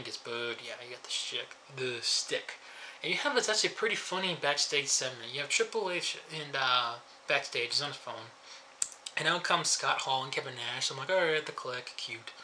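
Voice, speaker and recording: A man's voice: mid-range voice, sharp tone, a little hiss or hum. A man giving a rambling, sarcastic casual review, chuckling at his own jokes. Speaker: wrestling show reviewer.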